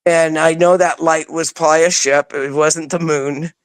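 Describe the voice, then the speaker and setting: There's no echo on this low-pitched female voice, which moves at an ordinary pace. An interview guest, she narrates her own story informally and energetically acts out her earlier remarks.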